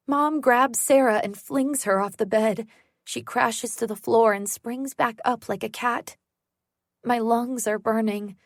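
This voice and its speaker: Woman audiobook narrator, tense first-person thriller read, slow pace, dry sound. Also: fairly high pitch, fairly even intonation, no room sound.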